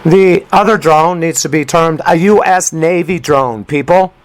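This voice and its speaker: A man's voice: fairly high pitch, unhurried, low-quality recording. A man hosting a talk radio show, commenting on a news clip in an emphatic, rambling way with rhyming asides. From United States.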